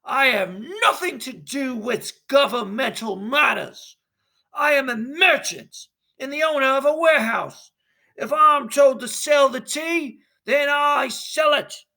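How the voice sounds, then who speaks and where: A man's voice: very high-pitched, slow, gravelly, sharp tone, pitched above the performer's own voice, full character voice. A man voicing an indignant loyalist merchant who defends himself and orders people out of his warehouse. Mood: dismissive. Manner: indignant, commanding, raising his voice. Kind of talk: classroom role-play reading.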